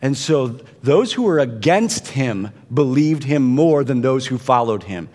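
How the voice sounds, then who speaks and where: A man preaching a sermon, building to intense peaks and dropping to hushed, quiet passages. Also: mid-range voice, very animated, unhurried, big-room sound. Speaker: pastor.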